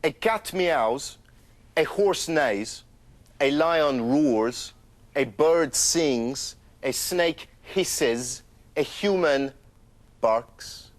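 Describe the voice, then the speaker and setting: A man speaking a dramatic voice-over in a slow, measured way. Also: fairly high pitch, expressive.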